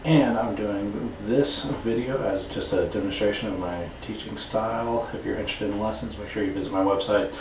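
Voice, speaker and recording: A deep-voiced man talks through a guitar lesson in an easygoing, unscripted way, stopping to restart his sentences and dropping fillers as he goes. He sounds a few steps from the mic, in an echoey room with a faint hum of ambience behind him. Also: normal speed, hardly any pauses, distant mic. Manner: relaxed explaining with frequent fillers and restarts. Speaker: guitar teacher. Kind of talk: demonstration lesson.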